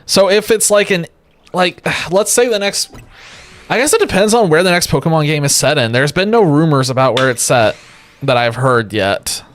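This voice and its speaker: A man's voice: fairly high pitch, normal speed, fairly bright tone, faint music behind. An exhausted man streaming from home, rambling and joking in casual chat with his viewers. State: exhausted from lack of sleep. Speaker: livestreamer. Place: home streaming setup with a webcam.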